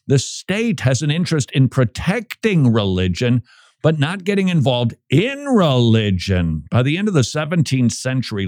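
Animated, jokey male radio host. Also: medium pitch, no room sound, studio quality. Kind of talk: casual radio talk.

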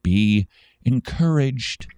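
Animated Minnesotan radio host man. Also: very slow, smooth, dry recording. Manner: animated, jokey, pitch jumps high when teasing. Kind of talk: talk radio commentary.

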